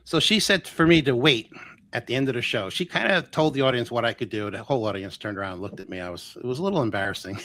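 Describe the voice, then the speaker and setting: A man telling a long personal story in an interview, lively and full of restarts, acting out the voices of the people he quotes. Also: mid-range voice, quick pace. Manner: animated, acts out quoted voices, many ums and restarts. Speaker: guest healer.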